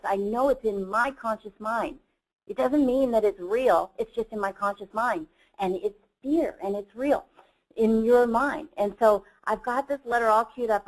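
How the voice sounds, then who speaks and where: Woman, webinar presenter, mid-pitched voice, earnest, enthusiastic storytelling. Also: rough recording. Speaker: company CEO presenter. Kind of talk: motivational webinar talk with personal story.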